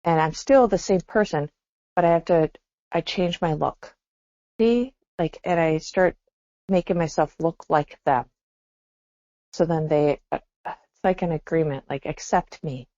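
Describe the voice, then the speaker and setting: Co-hosting a podcast, a woman chats casually in a reflective way, with frequent exclamations and laughter. Her dark voice sits low, at a measured pace with long pauses. The recording is dry, dull and lo-fi.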